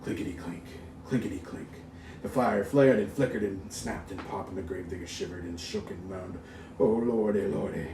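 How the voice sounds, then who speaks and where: A man's voice: low-pitched, a little fast. A man reading a ghost story aloud, dramatic and full of sound-effect words. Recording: roomy, distant mic with faint hiss.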